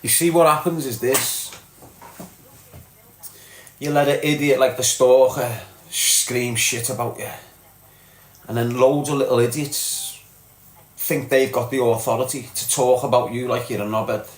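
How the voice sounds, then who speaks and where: A man's voice: mid-range voice, steady tone, a little slow, long pauses, roomy sound. A man with a Scouse accent from Liverpool, hosting a live stream and chatting bluntly to viewers, reading out comments and swearing freely. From Liverpool, England. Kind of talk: casual live chat.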